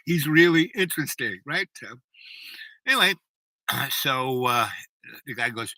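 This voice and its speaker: A man's voice: mid-range voice, animated, a little slow, pauses often, pushed and bright, dry recording, poor audio. An older man telling a long personal anecdote in a chatty, digressive way, full of restarts and asides. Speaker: storyteller.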